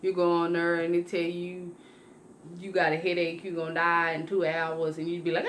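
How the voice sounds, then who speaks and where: This young woman vlogger speaks a little fast in a fairly low voice, and a bit of hiss or hum runs under the recording. She rambles conversationally through a personal story, repeatedly restarting and self-correcting, and turns lively when replaying what she used to say.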